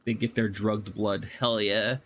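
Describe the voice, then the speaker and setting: Joking bright-voiced man streaming. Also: on the low side, level tone, a little slow, slight background noise. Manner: joking, laughing easily. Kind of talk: casual chat while playing a game.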